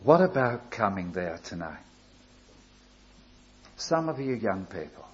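An older man preaching a sermon, telling a story slowly and building to emphatic appeals. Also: mid-range voice, muffled recording. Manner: slow, deliberate storytelling with rising emphatic appeals.

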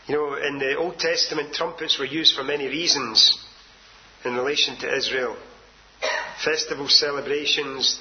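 A man preaching a sermon with emphatic delivery, swinging from loud declarations to hushed asides. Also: on the high side, lo-fi sound.

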